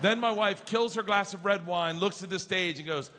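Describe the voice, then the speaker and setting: Middle-aged male stand-up, raised voice, crude and animated, live room noise. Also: high-pitched, moderate pace. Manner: loud, crude, animated storytelling with bursts of shouting. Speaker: stand-up comedian. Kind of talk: stand-up storytelling. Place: comedy stage before an audience. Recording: live stage recording with background noise.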